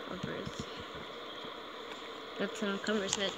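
A woman giving casual, chatty gameplay commentary, excitable at times and often quoting other players in exaggerated voices. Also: medium pitch, slow pace, pauses often. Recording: steady background noise.

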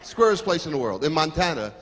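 Brash older stand-up comic, live on stage. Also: male voice, fairly high pitch, sing-song, fast, fairly bright tone. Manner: brash, crude insult comedy. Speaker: stand-up comedian. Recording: live stage audio with audience noise. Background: audience laughter.

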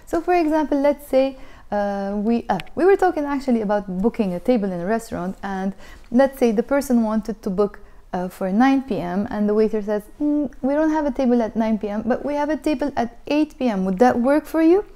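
Woman teacher, higher-pitched and warm in tone, patient, says each phrase twice. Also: expressive. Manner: patient, repeats phrases slowly for learners. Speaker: language teacher. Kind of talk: explaining a language lesson.

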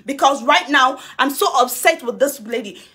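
A high, bright-toned Nigerian woman talks into her phone on a live video. She hammers the same demands again and again, half-laughing between her warnings. The voice is sharp and close to the phone. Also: expressive, normal speed. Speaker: social media personality. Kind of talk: confrontational live video rant. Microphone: phone camera, face to face.

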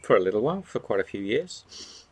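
A man from England with an English accent softened by years in Australia, hosting a casual livestream and answering viewers in a rambling, halting way. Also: lowish voice, big pitch swings. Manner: rambling, halting, many restarts and fillers. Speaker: livestream host.

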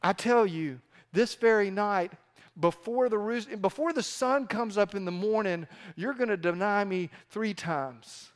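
A man preaching, voicing a calm, stern male teacher who warns his followers plainly. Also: high-pitched, voice pushed up. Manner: stern, deliberate.

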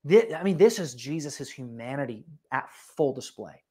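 Preacher, sermon in church, animated and chatty, asks listeners straight out. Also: medium pitch, moderate pace, breathy edge. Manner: conversational and animated, with asides and direct questions to listeners.

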